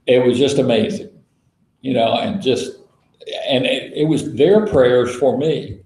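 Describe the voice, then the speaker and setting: A man leading a small-group Bible study, telling stories in a relaxed, folksy way and spelling words out letter by letter. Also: mid-range voice, a little slow, echoey room, poor audio. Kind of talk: casual teaching talk to a small group.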